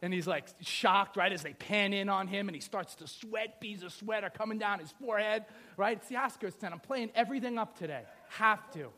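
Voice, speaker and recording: A man's voice: high-pitched, a little fast, hardly any pauses, sharp tone. A middle-aged male pastor preaching a sermon, telling the story with playful asides and acting out the scenes.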